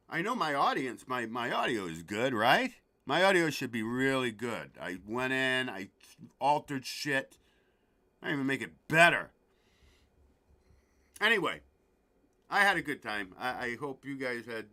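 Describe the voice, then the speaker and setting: A man's voice: medium pitch, pushed and bright. A man hosting his podcast, chatting loosely, telling a joke and swearing freely. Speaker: podcast host. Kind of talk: casual chat and joke telling.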